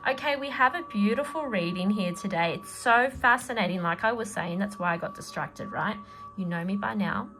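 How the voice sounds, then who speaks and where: A woman's voice: medium pitch, normal speed, fairly bright tone, soft background music. A middle-aged woman, a tarot reader and energy healer, talking casually and rambling with lots of fillers. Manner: chatty, rambling, with many fillers and laughs. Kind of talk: casual spoken tarot reading.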